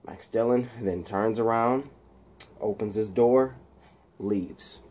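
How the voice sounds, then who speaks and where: A man casually retelling a film scene by scene, halting and restarting his words. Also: fairly low pitch, darkish tone.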